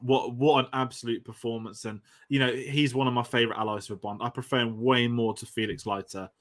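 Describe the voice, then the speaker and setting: A man's voice: medium pitch, fairly even intonation, a little fast, a bit bright. A man co-hosting a casual film podcast, with a rambling, self-deprecating manner and frequent laughs. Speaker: podcast co-host.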